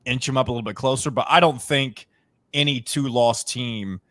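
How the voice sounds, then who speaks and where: A man hosting a sports talk show, breaking down rankings in a measured, analytical way. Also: mid-range voice, fairly bright tone, no room sound.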